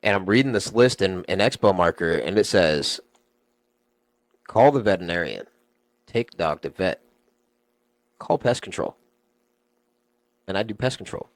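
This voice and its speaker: A young man, a podcast guest, telling stories in animated, slangy casual chat and swearing freely. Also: deep voice, measured pace, pauses often, no room sound.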